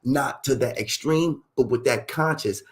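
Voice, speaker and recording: A middle-aged man tells stories candidly at a measured pace in a medium-pitched voice. He is emphatic and profane, packing his talk with street slang and repeatedly asking "you see what I'm saying".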